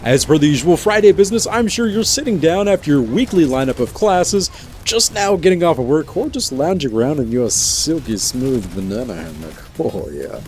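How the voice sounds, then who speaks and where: A man's voice: a little high, expressive, normal speed, darkish tone. A man hosting a gaming video in a playful, jokey commentary style with teasing asides. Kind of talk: casual game commentary.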